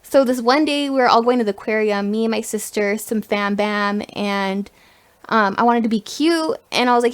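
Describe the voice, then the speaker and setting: A young adult woman co-hosting a podcast, chatting casually and telling a lively story with bursts of laughter. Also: fairly high pitch, moderate pace. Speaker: podcast co-host.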